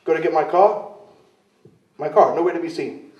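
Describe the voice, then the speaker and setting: A rambling man tells self-mocking stories in a casual interview and slips into other people's voices when he quotes them. His voice sits a bit high and mellow. He sounds off-mic in a roomy, dull-sounding space. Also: normal speed, distant mic. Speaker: interview guest, wrestler. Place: club venue in London.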